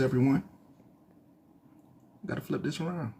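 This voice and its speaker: Guy doing his own little news show, medium voice, thinks out loud, bit of a twang, faint noise in back. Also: medium pitch, unhurried. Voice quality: slight twang put on in his voice. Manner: rambling, self-correcting, thinking aloud. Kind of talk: casual solo news commentary.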